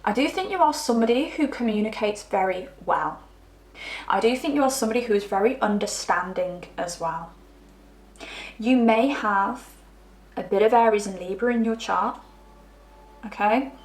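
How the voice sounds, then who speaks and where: A woman's voice: fairly high pitch, moderate pace, long pauses. A woman giving a rambling, chatty pick-a-card tarot reading, sometimes tripping over her words. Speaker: tarot reader. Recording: roomy echo.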